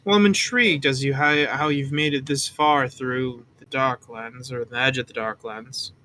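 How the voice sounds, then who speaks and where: A stern noble guard speaks in a formal, guarded way, as a man puts him on. The voice is bright and sits at a middle pitch. His words are measured and reserved. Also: steady tone, slight background noise, lightly acted, low-quality recording. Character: stern noble male patrol guard servant.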